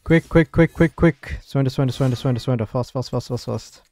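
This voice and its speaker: A European man streams his live gameplay, talking fast in a mellow, medium-pitched voice. His commentary is frustrated and full of swearing, and he often chants words over and over.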